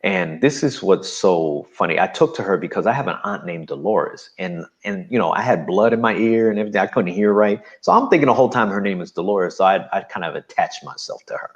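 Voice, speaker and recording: Casting note: a low-pitched man from New Jersey, lively and emphatic, on a dull lo-fi track. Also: a little fast, few pauses. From New Jersey, USA. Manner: animated, emphatic storytelling. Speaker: guest. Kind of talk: personal testimony in an interview.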